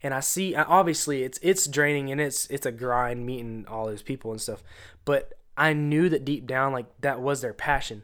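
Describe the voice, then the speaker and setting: A man's voice: mid-range voice, moderate pace, fairly bright tone. A man hosting a solo podcast, talking casually with a congested, stuffy nose, rambling and slangy. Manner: rambling, slangy, self-deprecating. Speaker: podcast host.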